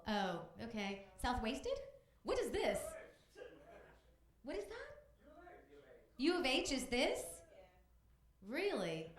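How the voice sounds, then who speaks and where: A woman comedian from Texas doing a conversational stand-up set, bantering with the crowd on a club stage. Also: medium pitch. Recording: echoey live club room.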